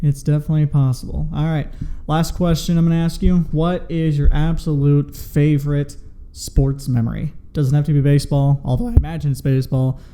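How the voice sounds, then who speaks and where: A man's voice: fairly high pitch, little pitch movement, a little fast, mellow. A man hosting a casual podcast interview, asking questions with a joking, swearing tone. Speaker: podcast host.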